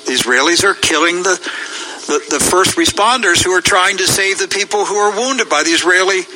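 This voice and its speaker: A man's voice: sits high, fairly quick, background noise. A man hosting a talk show, commenting emphatically on news clips and rising into pleading, preachy outbursts. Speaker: show host.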